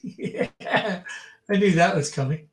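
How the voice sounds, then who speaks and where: A man's voice: sits high, slow pace, slight background noise. A man co-hosting a live drawing stream, reading viewer comments aloud and joking, with frequent laughs. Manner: laughs often. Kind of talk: casual chat.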